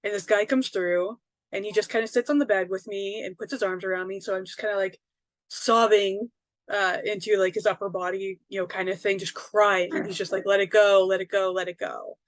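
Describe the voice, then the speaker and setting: A woman's voice: medium pitch, fairly even intonation, a little fast, no room sound. A woman, a psychic medium and author, telling a personal story in a casual, rambling way, full of fillers and tag questions.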